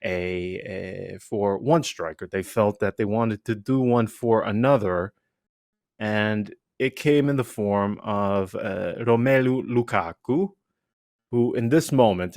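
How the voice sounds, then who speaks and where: A man hosting a casual podcast chat, animated and rambling, full of asides and restarts. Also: lowish voice, no echo, studio quality. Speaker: podcast host.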